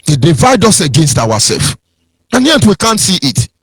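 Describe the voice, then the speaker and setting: Impassioned Nigerian man, high sing-song voice. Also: sing-song, moderate pace, husky, dry recording. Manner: preachy, sing-song, mocking impressions of others. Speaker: radio broadcast speaker. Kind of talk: impassioned political radio talk.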